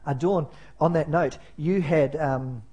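A man's voice: a little high, slow pace, mellow, husky, highs cut off. A man preaching as pastor in a church, conversational and self-deprecating, with many fillers and restarts. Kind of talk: sermon.

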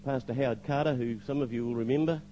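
A man's voice: medium pitch, steady tone, fast talker, dark tone, slight background noise, rough recording. Older man telling his testimony. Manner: anecdotal, hesitant with fillers, acts out quoted lines. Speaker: church member giving testimony. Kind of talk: spoken testimony to a congregation.

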